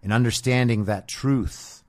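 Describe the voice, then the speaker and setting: The host of a political podcast speaks a little slowly, his medium-pitched voice a little mellow. Even so, his monologue is combative and profane, peppered with sarcastic rhetorical questions.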